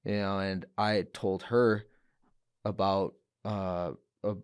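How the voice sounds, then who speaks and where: A man's voice: deep voice, little pitch movement, takes it slowly, clear, resonant tone, no room sound. A young man telling his story as a podcast guest, earnest, with restarts and quoted words. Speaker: guest, professional fighter. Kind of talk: emotional personal testimony. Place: podcast studio.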